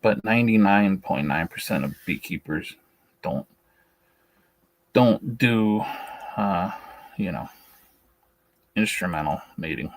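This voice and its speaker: A man's voice: deep voice, lively intonation, takes it slowly, pauses often, a little hiss or hum, low-quality recording. A man hosting a beekeeping talk stream, blunt and opinionated, speaking with a shaky voice and often restarting his sentences. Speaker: beekeeping channel host. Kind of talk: casual livestream talk, reading and answering a list.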